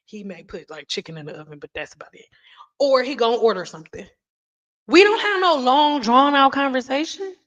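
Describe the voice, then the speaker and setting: A woman's voice: high-pitched, lively intonation, a little fast, fairly bright tone, muffled recording. A woman hosting a casual livestream, talking in a chatty, rambling way with lots of restarts and apologies. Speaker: beauty vlogger and livestream host.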